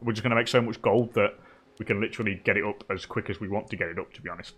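An English man giving relaxed live commentary on a strategy game, chatting with viewers and laughing often. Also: fairly low pitch, rapid-fire, a little hiss or hum. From England. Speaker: streamer.

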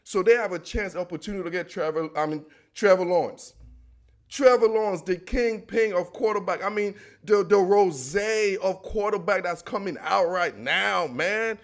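A young man hosts his own football recap show, talking in a loose, slangy, animated way. His voice sits fairly high for a man. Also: moderate pace. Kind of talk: casual sports commentary.

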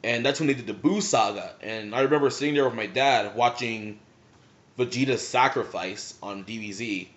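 A man's voice: medium pitch, moderate pace, fairly bright tone. A young man casually telling rambling stories about watching anime with his father, full of "like" fillers, on a slightly muffled recording. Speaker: vlogger. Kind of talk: casual storytelling.

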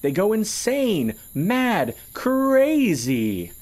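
A man voicing a sly, excitable male fool who talks in rustic broken grammar. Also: medium pitch, moderate pace, slightly rough, voice pushed up. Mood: gleeful. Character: giggling scrawny male fool, sly guide.

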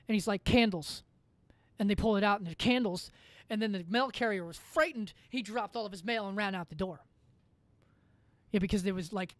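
A woman's voice: mid-range voice, a little mellow, dry recording. A woman as a podcast guest in casual chat, rambling through a story with lots of fillers and casual swearing.

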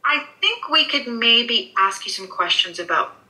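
A woman working as a pet psychic in a session, soothing and reassuring, often halting with fillers. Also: fairly high pitch, lively intonation, sharp tone, rough recording. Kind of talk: animal communication session.

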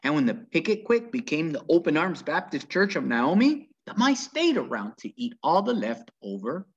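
Male reader, children's book read-aloud, husky, dull lo-fi recording. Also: fairly high pitch, moderate pace. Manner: very lively, animated storytelling.

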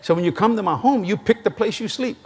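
A middle-aged man preaching a sermon at a convention, an animated, joking storyteller. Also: high-pitched, fast talker, husky.

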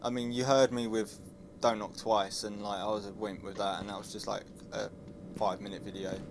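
Brief: panicky young gamer, swearing, muttering, yelling at scares, faint hiss behind. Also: male voice, fairly low pitch, level tone, a little fast. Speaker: gaming YouTuber. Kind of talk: frightened horror game playthrough.

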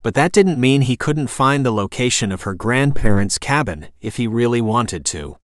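A man reading a romantic suspense novel aloud as an audiobook narrator, in a steady, even storytelling manner. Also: medium pitch, normal speed, dry recording, clean studio sound. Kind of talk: scripted narration.

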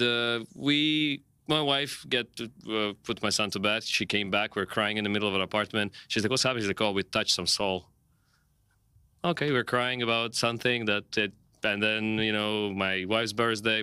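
Rambling, frank man with bright voice. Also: fairly low pitch, smooth, no echo. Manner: rambling, halting, full of "you know" and restarts; frank and playful. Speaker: tennis player interviewee. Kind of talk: casual post-match interview. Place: interview set, indoors.

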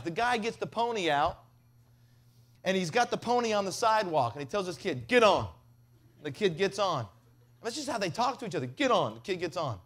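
A man from Mississippi preaches at a revival and spins a comic story with lively energy. His voice sits notably high for a man. He drops into quoted voices as he tells it. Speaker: evangelist.

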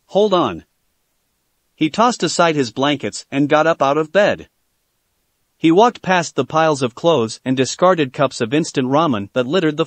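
A man reads a fan fiction story aloud with steady, plain storytelling. His voice is fairly high and moves lively through the lines. The recording is close and dry. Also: dry recording. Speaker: narrator.

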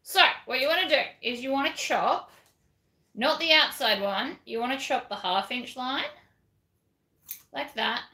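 A woman's voice: high-pitched, measured pace, pauses often, pushed and bright, echoey room. A woman giving a chatty, self-deprecating craft tutorial while she works.

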